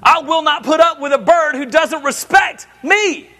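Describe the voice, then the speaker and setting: A man's voice: very high voice, unhurried, sharp tone, pitched above the performer's own voice, exaggerated voice. A man voicing a fed-up older woman who scolds her pet parrot in a joke told during a sermon. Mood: stern.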